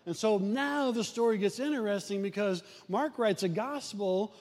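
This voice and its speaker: Long church reverb surrounds a pastor's high-pitched, darkish voice as he preaches at a moderate pace in the sanctuary. His sermon is folksy and conversational, told through stories, with frequent restarts.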